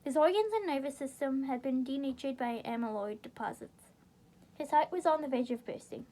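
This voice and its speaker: High-voiced woman reading a novel aloud. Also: brisk, dark tone. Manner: breaks off into giggly, rambling comments, sometimes dropping to a whisper. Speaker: reader of a game novelization.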